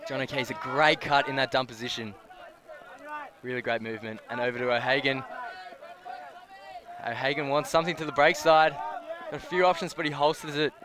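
A man's voice: mid-range voice, steady tone, brisk, long pauses. A man calling live play-by-play at an outdoor game, rising sharply on big plays and joking between points. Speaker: sports commentator. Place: outdoor sports field sideline. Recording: crowd noise and outdoor ambience. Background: crowd and outdoor noise.

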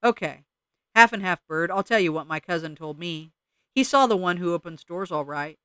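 A chatty, jittery opossum , as a man voices him, rambles on eagerly in a slightly raised, bright voice. It is a storybook reading with a crisp, dry sound. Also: sits high, expressive, moderate pace, dry recording.

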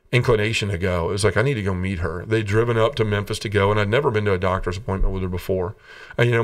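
A man's voice: on the low side, distant mic. A man from Tennessee, a podcast guest, telling his personal story in an earnest and emotional way. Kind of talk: personal testimony in an interview.

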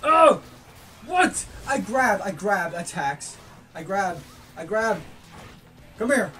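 A gaming YouTuber giving loud, excitable commentary, yelling and swearing at opponents while playing. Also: mid-range voice, slow pace, far from the mic, faint music behind.

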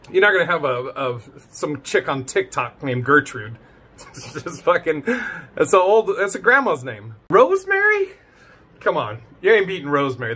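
A man talks through a clip in loose reaction commentary, swearing freely and breaking into laughter. His voice is husky and slightly high, with a bright, forceful edge. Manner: laughing, profane and chatty. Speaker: video creator reacting to a clip.

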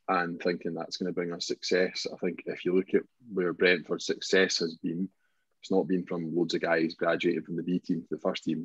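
A Scottish man co-hosts a football podcast, chatting casually in a thoughtful, hedging way and often restarting his phrases. His voice is deep and husky, with no room sound, on dull lo-fi podcast audio.

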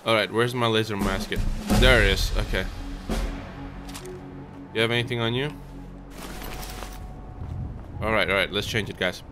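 A man hosting a gaming channel, chatting through a let's play, talking to viewers and soothing his in-game dog, and shouting when startled. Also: fairly low pitch, fairly even intonation, normal speed, long pauses. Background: game music.

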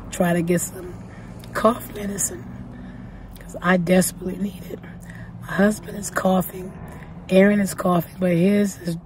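A woman vlogs in a casual, chatty way, her voice hoarse and weakened by a cold. She talks slowly in a fairly low register and sometimes corrects herself mid-thought. A faint ambient noise sits underneath. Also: darkish tone. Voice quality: weak, partly whispering voice. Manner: chatty, thankful, self-correcting. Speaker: vlogger. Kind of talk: casual vlog talk. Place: parked car.

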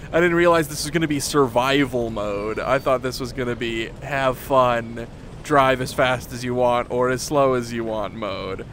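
A man commenting on a VR rollercoaster game, swearing, pleading and laughing, with frequent swings into panicked yelling. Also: mid-range voice, measured pace, slight background noise. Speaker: gaming YouTuber. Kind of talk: VR gameplay commentary.

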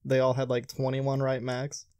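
A man's voice: mid-range voice, completely flat delivery, moderate pace, dark tone, no echo, clean studio sound. A man hosting a podcast, chatting casually and rambling with crude jokes. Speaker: podcast host. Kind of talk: casual chat.

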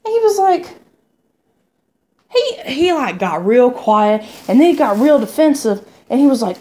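A young woman telling a story casually at home, animated and swearing freely as she quotes people. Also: fairly high pitch, moderate pace. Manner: animated, profane, quotes people in raised voices. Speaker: vlogger.

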